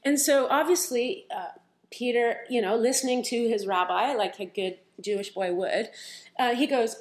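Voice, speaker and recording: Lively storytelling woman preacher. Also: on the high side, moderate pace. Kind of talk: sermon.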